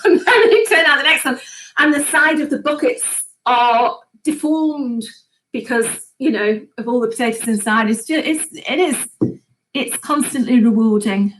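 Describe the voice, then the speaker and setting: A woman's voice: a little high, lively intonation, normal speed, fairly bright tone, poor audio. Chatty woman reading viewer comments. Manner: chatty, laughs often, reads comments aloud. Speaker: host of a gardening live chat. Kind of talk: casual live-stream chat reading viewer comments.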